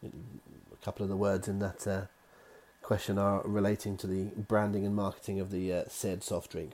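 A man's voice: low voice, level tone, normal speed, darkish tone. A man hosting a quiz from his own office, reading each question twice with chatty asides. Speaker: quiz host.

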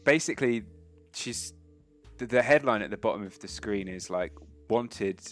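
A man's voice: on the low side, lively intonation, moderate pace, faint music behind. A man running a tabletop role-playing game as game master, chatty and laughing often.

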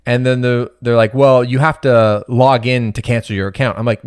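A man's voice: medium pitch, level tone, normal speed, smooth, dry recording, studio quality. A man on a podcast in casual chat, telling a story with animation and acting out both sides of a call. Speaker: podcast co-host.

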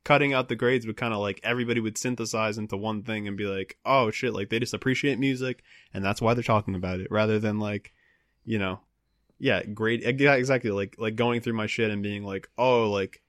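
A man's voice: medium pitch, brisk, no echo. Swearing young man, dry close sound. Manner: animated, swears often, acts out quotes. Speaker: podcast co-host. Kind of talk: casual chat.

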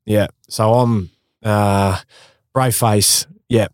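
A man's voice: on the low side, fairly even intonation, extremely slow, clear, resonant tone, no room sound, clean studio sound. A man in his thirties with an Australian accent, a former footballer telling stories candidly in a casual podcast interview, self-mocking and slangy. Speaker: guest, former pro footballer.

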